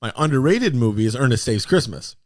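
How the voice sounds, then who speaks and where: A man co-hosting a casual podcast chat, rambling with lots of fillers and sudden excited outbursts. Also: mid-range voice, fairly quick, no room sound, clean studio sound. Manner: animated, excitable bursts between rambling fillers. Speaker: podcast co-host.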